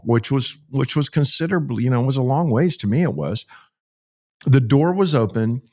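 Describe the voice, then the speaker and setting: A man, a pastor telling a rescue story in an interview and acting out the voices of the people in it. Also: mid-range voice. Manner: animated storyteller, acts out quoted voices.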